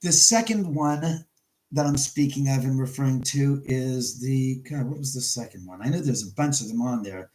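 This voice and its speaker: A man's voice: mid-range voice, moderate pace, darkish tone, low-quality recording. A middle-aged man hosting a casual livestream from his house, telling rambling stories and answering viewers in the chat. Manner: rambling storyteller, reads chat aloud. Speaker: livestream host.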